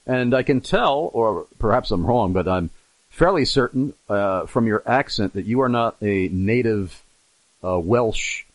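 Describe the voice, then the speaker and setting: A man's voice: lowish voice, lively intonation, unhurried, no room sound, poor audio. A man hosting an interview, chatty and announcer-like when reading out details. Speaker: interview host.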